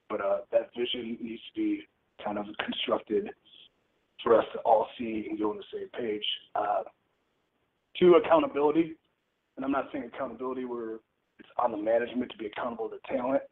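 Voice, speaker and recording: A man's voice: mid-range voice, vocal fry. A man, a pro wrestler, answering reporters' questions on a conference call in a candid, wry way, joking about himself over a telephone line. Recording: tinny phone line with faint noise.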